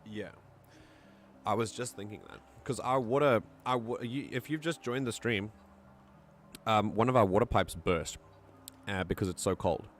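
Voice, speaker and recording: A man with a South African accent giving casual, excitable commentary while streaming a video game. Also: lowish voice, moderate pace, long pauses, slight background noise. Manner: excitable, chatty, laughs often.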